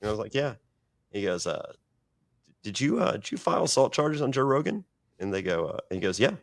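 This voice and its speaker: A man's voice: on the low side, brisk, vocal fry. Guy swearing a lot, rambling story on a podcast, jumps into other people's voices. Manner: profane, rambling, animated, acts out other people's lines. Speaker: guest telling stories.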